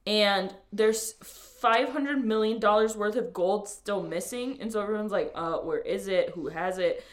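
A woman's voice: mid-range voice, a little slow. Chatty woman explaining a theory with "um"s. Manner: explaining with many "um"s and "like"s. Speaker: podcast co-host. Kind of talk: casual podcast chat.

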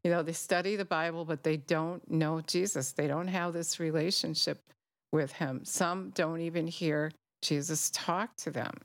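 A woman delivers an informal sermon in a low, earnest voice. She talks conversationally, with frequent asides to the listener. The sound is dry and close, with no room echo. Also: steady tone, a little slow. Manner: earnest, conversational, many "you know" asides. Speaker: preacher.

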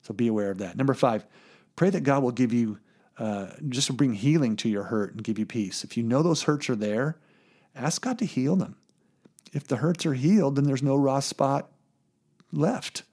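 A man's voice: mid-range voice, moderate pace, a little mellow. Earnest plainspoken male preacher. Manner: earnest, plainspoken, repeats words while thinking. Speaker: pastor. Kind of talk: sermon.

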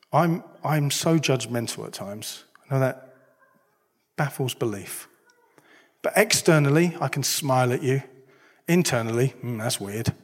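Pastor preaching in a reverberant hall. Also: male voice, mid-range voice, husky. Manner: conversational, self-deprecating preaching with rhetorical questions. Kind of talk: sermon. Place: church hall.

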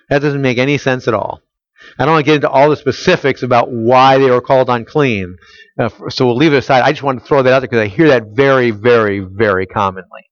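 A man's voice: medium pitch, lo-fi sound. A man preaching a conversational sermon, emphatic and full of rhetorical questions to his listeners. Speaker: pastor. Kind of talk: expository sermon.

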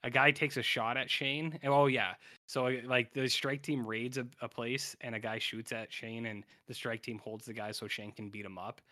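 Speaking at normal speed with a mid-range voice and fairly even intonation, this man sounds pushed and bright. He co-hosts a podcast, rambling through a casual TV episode recap full of filler and performing characters' quoted lines.

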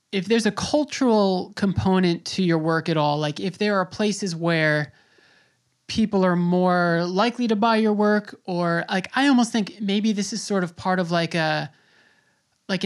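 A man from New York City hosting a podcast, chatting in a rambling way and laughing easily. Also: high-pitched. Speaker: podcast host. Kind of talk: casual interview chat.

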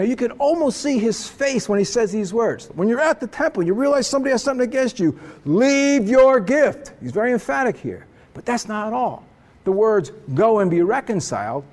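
Guy pastor giving a sermon, kinda high voice, swoops around a lot, really emphatic. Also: a little mellow. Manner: earnest, emphatic preaching with dramatic pauses.

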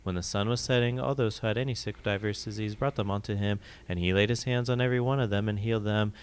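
A man reads a gospel passage aloud at a brisk pace. His voice is very clear and crisp, and his reading stays steady and even throughout. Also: fairly low pitch. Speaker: scripture reader.

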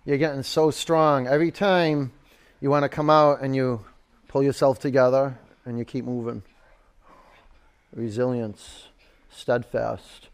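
A man's voice: mid-range voice, fairly even intonation, unhurried, pauses often, smooth. A man in his forties teaching a live yoga class, giving cues and counts with chatty, joking asides. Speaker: yoga instructor.

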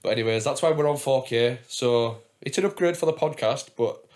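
A man's voice: mid-range voice, a little fast, a little mellow. Man, podcast host, casual chat, swears a lot, laughs at himself. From England.

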